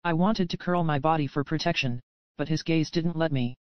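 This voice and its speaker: A woman narrating a dark romance audiobook in the first person with a steady, even reading. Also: low voice, normal speed, no echo, highs cut off.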